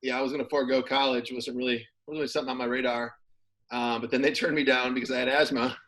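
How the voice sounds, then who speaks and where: A man's voice: mid-range voice, racing, low-quality recording. A man, a former pro football player, talking casually as an interview guest, rambling with plenty of fillers. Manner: relaxed, rambling with many fillers.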